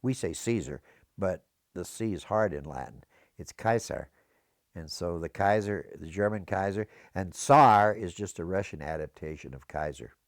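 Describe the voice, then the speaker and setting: A man's voice: low-pitched, normal speed, no room sound, clean studio sound. An older American man, a veteran, recalling his service in an oral history interview, wandering into historical tangents as he talks. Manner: rambling storyteller prone to historical tangents.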